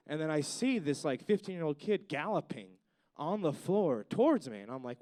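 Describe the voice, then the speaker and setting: A man's voice: on the high side, lively intonation, moderate pace, a little mellow. A man doing a stand-up comedy set on stage, rambling and swearing, with lots of "like" and "you know.".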